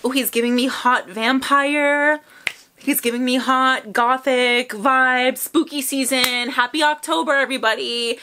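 A young woman hosting a music video reaction, gushing and squealing with excitement as she watches. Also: high voice, a little slow, slight background noise. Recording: music playing loudly behind. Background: music video playing.

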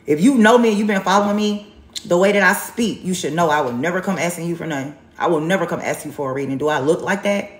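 A woman's voice: fairly low pitch, quick pace, roomy sound. A woman giving a live tarot reading, blunt and sassy, repeating herself for emphasis. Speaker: tarot reader on a livestream.

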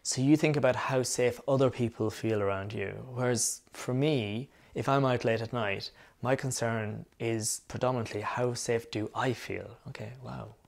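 A man's voice: medium pitch, steady tone, moderate pace, creaky, hardly any pauses. Curious middle-aged Irish man hosting. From Ireland. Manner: curious, steering questions. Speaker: host. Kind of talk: conversational interview.

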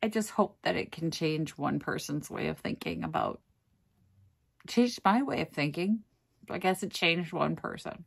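Low-voiced tired woman vlogger. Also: lively intonation, a little slow, gravelly, breathy edge. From Minnesota, USA. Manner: earnest, tired, near tears at times. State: exhausted. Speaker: thrift reseller vlogger. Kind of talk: casual emotional talk to camera.

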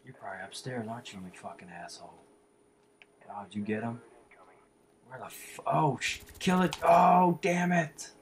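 A man's voice: lowish voice, a little hiss or hum. A man giving live commentary over his own shooter match, swearing often and swinging between muttered whispers and frustrated outbursts. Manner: calls himself the Warlock in the third person. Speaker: gameplay commentator.

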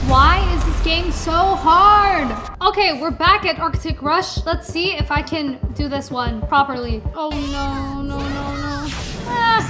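Very high-voiced excitable woman gamer. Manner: excitable, squealing and shrieking reactions. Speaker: gaming YouTuber. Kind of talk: excited gameplay commentary. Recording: game music playing behind.

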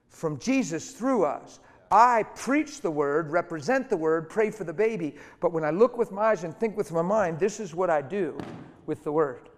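A man preaching a sermon as a story, emphatic and conversational, acting out the voices of the people in it. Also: fairly high pitch. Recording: hall reverb.

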